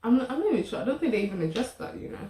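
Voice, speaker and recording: A woman's voice: a little high, sing-song, rapid-fire, mellow. A woman chatting casually about a drama, with laughing, teasing asides. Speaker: co-host. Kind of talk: casual chat reviewing a drama. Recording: echoey room.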